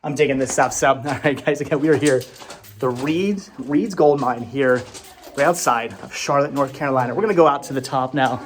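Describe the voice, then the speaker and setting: Low-voiced rambling woman vlogger. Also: brisk, slight background noise. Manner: rambling, enthusiastic, repeats words. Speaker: travel vlogger. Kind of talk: casual walking vlog narration.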